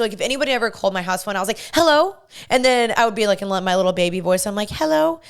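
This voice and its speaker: A woman's voice: medium pitch, smooth. A young woman hosting a podcast, telling a story in a gushing, chatty way and saying "like" constantly. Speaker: podcast host. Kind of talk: casual storytelling monologue.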